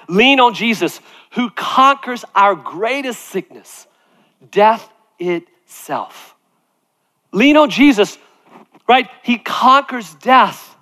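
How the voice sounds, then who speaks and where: A man's voice: high voice, fairly bright tone. A middle-aged male pastor preaching emphatically, repeating phrases and tossing in "right?" asides. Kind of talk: sermon. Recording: long hall reverb.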